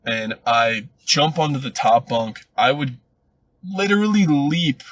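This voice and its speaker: A young man co-hosting a podcast, telling stories in casual chat, animated and swearing freely. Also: medium pitch, a little slow, a little hiss or hum. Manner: animated storyteller, swears freely, jumps into loud acted quotes. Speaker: podcast co-host.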